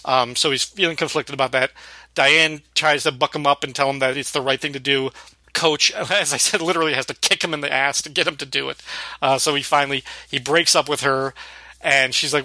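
A man's voice: medium pitch, fairly even intonation, brisk, bright, forceful tone, no echo. A man co-hosting a podcast, casually recapping a sitcom episode and laughing often as he retells scenes. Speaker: podcast co-host.

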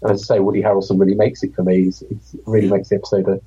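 A man appearing as a podcast guest, chatting casually about a sitcom in an amused, measured way and quoting lines playfully. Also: lowish voice, level tone, mellow, breathy edge, lo-fi sound.

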